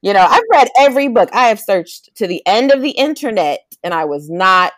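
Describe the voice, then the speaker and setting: A young woman chatting as a guest, telling a lively story and acting out quotes in a high voice. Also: brisk, no room sound, clean studio sound. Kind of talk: casual chat.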